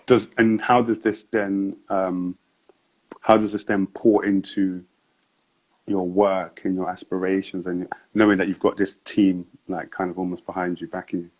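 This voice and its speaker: Easygoing man hosting, low voice. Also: little pitch movement, normal speed, a little mellow, low-quality recording. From United Kingdom. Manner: easygoing, frequent "mm" affirmations, chuckles. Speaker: podcast host. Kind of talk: casual interview chat.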